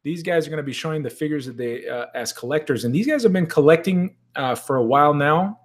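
A man's voice: on the high side, lively intonation, quick pace. Chatty man hosting a toy live stream. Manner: chatty and joking, greets viewers in the chat. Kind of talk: casual live-stream chat. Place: at a desk at home.

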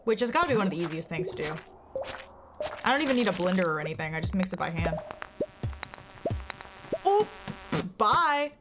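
A woman's voice: medium pitch, big pitch swings, brisk, long pauses, background noise. A woman chatting casually and giggling as she talks to viewers while playing a game on a live stream. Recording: game music playing behind the voice.

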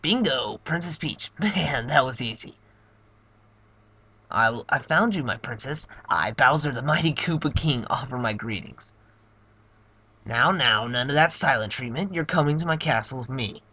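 A man's voice: mid-range voice, animated, moderate pace, husky, no echo, full character voice. A man voicing blustering monster king Bowser. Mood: boastful. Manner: loud, gloating, grandiose. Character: boastful hulking male turtle-dragon king. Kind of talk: voicing game dialogue in a playthrough.

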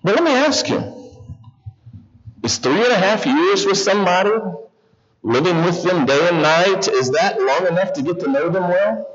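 A man with a high voice delivers a sermon as a visiting pastor, speaking at a normal speed and animatedly putting question after question to the congregation. It's a slightly dull church recording in which the congregation can be heard.

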